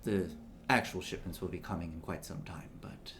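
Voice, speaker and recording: A man's voice: low voice, steady tone, moderate pace, fairly bright tone, in a whisper, pitched below the performer's own voice. A man voicing a jittery male merchant who reports a trade deal in a formal, hesitant, deferential way.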